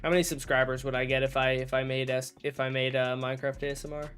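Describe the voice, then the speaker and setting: A man's voice: medium pitch, little pitch movement, fast talker, fairly bright tone, faint music behind. A man streaming a game and chatting casually, rambling and correcting himself as he talks, with jokey mock outrage. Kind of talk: casual livestream chat while gaming.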